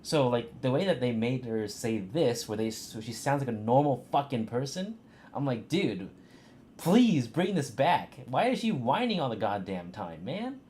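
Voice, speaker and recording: A man streaming a game and commenting, ranting and swearing in an animated way. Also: medium pitch, moderate pace, slight background noise. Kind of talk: let's play commentary.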